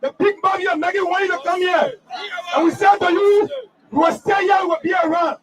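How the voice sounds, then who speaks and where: A man giving a shouted protest speech at an outdoor rally, leading chants and rousing the crowd. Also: very high voice, fairly even intonation, brisk, heavy background noise. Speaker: protest speaker. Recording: distant mic, loud crowd outdoors.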